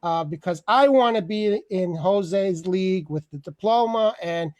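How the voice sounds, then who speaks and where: A man's voice: high voice, measured pace, a little mellow, no room sound. A man hosting an online open mic over a video call, rambling through a comic rant, laughing often and swearing freely. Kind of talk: casual comedic rant.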